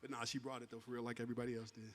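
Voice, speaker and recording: A man's voice: medium pitch, level tone, rapid-fire, a little hiss or hum. A man acting as emcee at a live graduation event, teasing the graduates and laughing often as he hands out awards. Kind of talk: joking live event banter. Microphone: handheld wireless mic.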